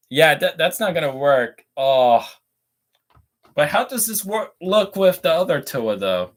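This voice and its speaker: A man's voice: on the high side, very animated, unhurried. A young man hosting a casual livestream while building toy models, rambling and ranting between reading out chat messages.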